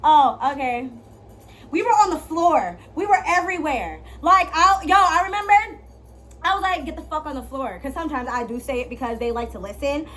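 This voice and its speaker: A young woman vlogger giving dating advice in a brash, profane, playful monologue, swinging from loud to hushed. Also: high-pitched, animated, moderate pace. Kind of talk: casual storytelling monologue.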